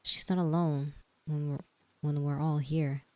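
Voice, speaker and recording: Woman voicing a kind young mourner, reassuring, low and creaky, noisy recording. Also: level tone, unhurried. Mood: consoling. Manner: soft-spoken, reassuring. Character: kind young woman at a funeral, gentle, consoling. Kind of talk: reading game dialogue aloud.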